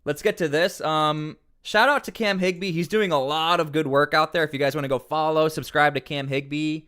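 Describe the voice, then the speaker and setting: A man's voice: a little high, steady tone, brisk, a bit bright, smooth. A man commenting on news during a casual livestream, rambling with many fillers and restarts.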